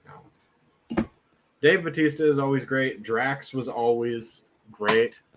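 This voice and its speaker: A man's voice: medium pitch, slow pace. A man co-hosting a casual podcast chat, earnest and talking through his points at length. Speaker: podcast co-host.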